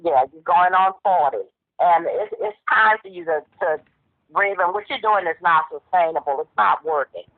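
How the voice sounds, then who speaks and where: A mother with a Southern US accent speaks sternly and bluntly to her adult child during a phone conversation. Her lowish voice moves at a moderate pace with no room sound, heard through a tinny phone line.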